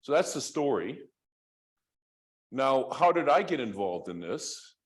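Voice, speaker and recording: A man's voice: medium pitch, big pitch swings, measured pace. A man giving a university lecture, telling a story in a rambling, conversational way with many restarts.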